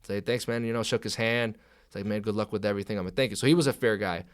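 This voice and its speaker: A man's voice: fairly low pitch, quick pace, clear, resonant tone. A young man, a guest on a podcast, telling a story in casual, profane chat and acting out what others said. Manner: profane, animated, acts out quoted dialogue. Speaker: podcast guest, pro wrestler.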